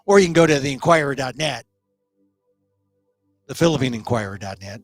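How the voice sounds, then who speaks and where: A middle-aged man hosting his own talk show, delivering an emphatic solo commentary monologue that speeds up and slows down for stress. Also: mid-range voice, animated, no echo, faint music behind. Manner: emphatic, shifting pace for stress.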